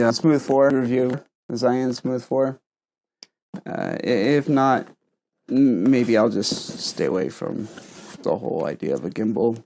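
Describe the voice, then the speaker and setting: A man's voice: medium pitch, dark tone. A man reviewing gadgets in a casual vlog, rambling and stuttering, repeating words as he talks into a wireless lapel mic at home. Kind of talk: casual vlog talk to camera. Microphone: wireless lavalier mic.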